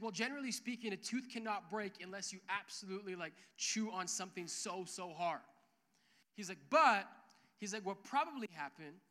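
A young man preaching as a pastor, telling a lively story with quoted dialogue in a church service. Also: high voice. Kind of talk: sermon. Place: church hall with worship music. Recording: reverberant church hall.

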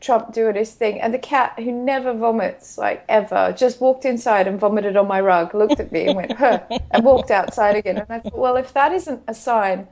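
A woman's voice: a little high, normal speed, hardly any pauses. A woman with an Australian accent, co-hosting a podcast in casual, bawdy chat, giggling often as she tells stories. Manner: giggly, bawdy, animated storytelling. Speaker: podcast co-host. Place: home in Scotland.

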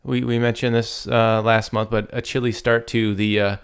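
A man co-hosting a casual podcast, talking in a rambling, halting way with many fillers. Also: on the low side, level tone, clean tone. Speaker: podcast co-host. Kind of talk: casual chat.

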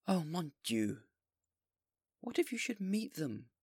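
A man's voice: high-pitched, huge pitch swings, a little slow, vocal fry, mellow, slightly rough, no room sound, clean studio sound, pitched above the performer's own voice, heavily acted. A man voicing a fearful, frantic town mayor who pleads in alarm. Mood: anxious pleading.

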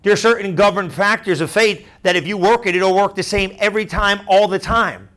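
Fast-talking high-voiced man pastor. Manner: animated, chatty, asks the crowd "right?". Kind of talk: storytelling sermon.

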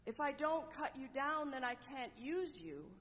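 A woman voicing a grave, loving male master of a garden in a parable who speaks slowly and tenderly. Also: high-pitched, big pitch swings, fairly bright tone, big-room sound, exaggerated voice. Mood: grave tenderness.

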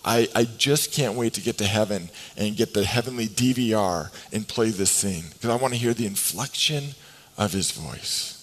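A man preaching a sermon as pastor. He swings between hushed, slow lines and emphatic, faster bursts, and acts out the voices in the scripture. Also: on the low side, low-quality recording.

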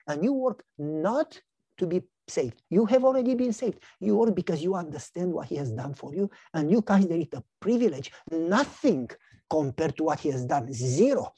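Animated woman preaching a parable. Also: normal speed, breathy edge, no echo. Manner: animated storytelling, voices characters with big pitch swings. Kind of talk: sermon with acted-out parable.

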